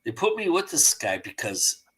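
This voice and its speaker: A man's voice: mid-range voice, very animated, normal speed, a bit bright, slightly rough, poor audio. A male host chatting on a live stream, reflecting and working through his point aloud. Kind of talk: casual chat on a live stream.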